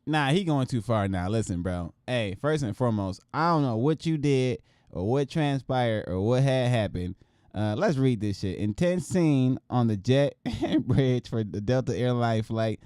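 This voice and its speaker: A man's voice: mid-range voice, unhurried, smooth, no room sound, studio quality. Profane joking male news-reaction host. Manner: profane, joking, animated rants. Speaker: show host. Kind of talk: casual commentary reacting to news clips.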